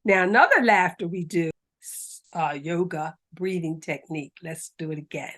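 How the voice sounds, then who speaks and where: A woman's voice: fairly low pitch, normal speed, fairly bright tone. A middle-aged woman leading a laughter yoga class, coaxing and upbeat, breaking into hearty laughter. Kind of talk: guided exercise class.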